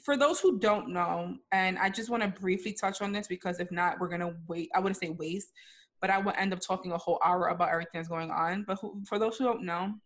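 A woman's voice: on the low side, brisk. Frank, emphatic young woman podcaster. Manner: frank, emphatic, swears freely. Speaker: podcast co-host. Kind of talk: casual podcast chat.

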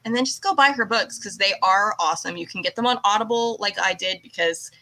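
A middle-aged American woman with a Californian accent, hosting an interview podcast in a chatty, animated way, full of quick asides. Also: medium pitch, rough recording. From United States. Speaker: podcast host. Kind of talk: casual interview chat.

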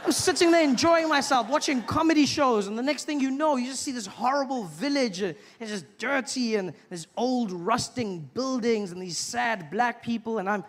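A man doing a stand-up comedy set in front of a live audience, bursting into loud put-on voices as he tells his stories. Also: very high voice, normal speed, hardly any pauses, big-room sound. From South Africa. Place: large theater with a live audience. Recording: stage mic, loud crowd laughter and noise.

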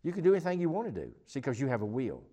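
A man's voice: medium pitch, huge pitch swings, very fast, dark tone. A man teaching the Bible in a loose, conversational way. He rambles and restarts often, then leans hard on the points he wants to stress. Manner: rambling, emphatic, many restarts and fillers. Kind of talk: informal Bible teaching chat.

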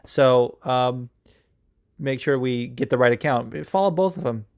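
A man's voice: mid-range voice, unhurried. A man hosting a podcast, answering listener questions in a rambling, profane, enthusiastic way. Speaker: podcast host. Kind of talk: casual chat.

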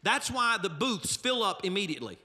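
Man, pastor, emphatic funny sermon, high-pitched, echoing church hall. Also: sing-song, fairly quick, pushed and bright, breathy edge. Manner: humorous, emphatic preaching with asides. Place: church sanctuary.

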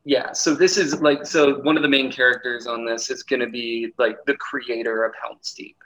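A man co-hosting a casual podcast chat, joking and explaining in quick, animated banter. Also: mid-range voice, poor audio. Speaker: podcast co-host.

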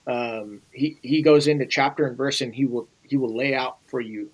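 A man's voice: medium pitch, steady tone, normal speed, lo-fi sound. Emphatic man urging viewers on. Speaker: guest, former Navy SEAL. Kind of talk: conversational interview.

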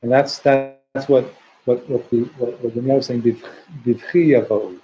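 A man leading a text study class. He translates Hebrew and Aramaic phrases line by line and slows down to quote verses. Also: mid-range voice, fairly even intonation, highs cut off. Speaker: teacher.

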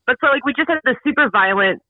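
A man co-hosting a casual podcast chat about a film, rambling and animated with lots of fillers. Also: extremely high pitch, quick pace. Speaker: podcast co-host. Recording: dull lo-fi, dry sound.

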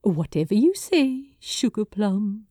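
A woman voicing a fussy, affectionate male angel in an audiobook reading, prim and gently mocking. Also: mid-range voice, very animated, slow pace, no echo, clean studio sound. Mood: fond.

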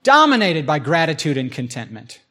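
Slightly high-voiced male pastor preaching. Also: huge pitch swings, moderate pace, pushed and bright. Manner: conversational, acts out imagined voices. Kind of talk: sermon.

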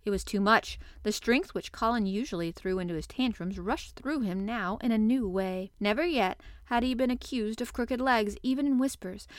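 A woman narrates a children's classic in a lively, expressive reading voice at a middling pitch. The sound is dry and close, with no room around it. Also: no echo. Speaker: podcast host and reader. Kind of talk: audiobook narration.

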